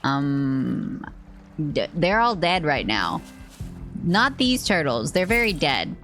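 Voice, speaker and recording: A young woman streaming a game, chatting playfully with friends and chat, rambling and swearing with sudden high yelps. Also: big pitch swings, takes it slowly, fairly bright tone, faint music behind. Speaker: VTuber streamer. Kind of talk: casual gaming stream chat.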